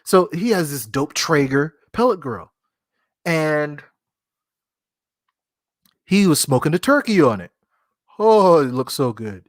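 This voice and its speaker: A man's voice: on the high side, big pitch swings, slow, long pauses, dry recording. Rambling, jokey male podcast host, dry sound. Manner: rambling, jokey, laughs at himself. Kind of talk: casual solo podcast talk.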